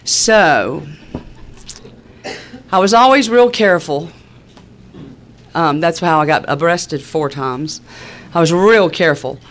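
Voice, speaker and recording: A woman's voice: low voice, slow, long pauses, slight background noise. A woman with a Southern US accent telling a personal story in a wry, laid-back, humorous way, with a drawl and plenty of fillers. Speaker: speaker sharing a recovery story.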